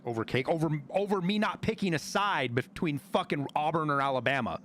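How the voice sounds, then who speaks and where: A man from Montana, a streamer telling stories in casual chat, animated and full of swearing. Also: on the high side, a little fast, a little hiss or hum. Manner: profane, animated storyteller.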